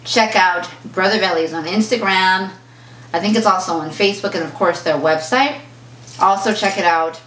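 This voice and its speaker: Woman, fashion vlogger, animated chatty storytelling, casual unboxing, echoey room, mic at a distance. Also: medium pitch, normal speed. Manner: chatty, animated storyteller who acts out quoted exchanges. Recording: roomy echo, mic at a distance, faint kitchen clatter.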